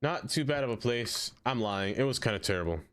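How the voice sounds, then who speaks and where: A man's voice: medium pitch, expressive, brisk, a bit bright, faint music behind. A young man from Brooklyn, rambling and joking as he reads chat on a casual gaming stream. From Brooklyn, New York.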